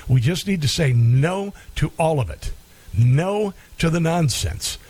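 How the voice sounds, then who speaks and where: A man's voice: fairly high pitch, animated, unhurried, mellow, no room sound. A man hosting a talk radio show, blunt and indignant, talking with many ums and uhs.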